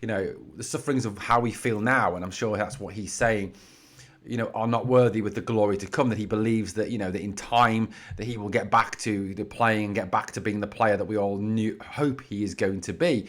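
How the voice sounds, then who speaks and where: A man's voice: fairly low pitch, fairly even intonation, fairly quick. A man hosting his own football fan channel, giving heated, blunt solo commentary scattered with "you know".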